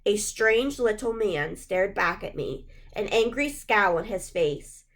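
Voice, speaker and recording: Woman reading a children's book aloud. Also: medium pitch. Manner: steady, measured first-person narration. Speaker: audiobook reader.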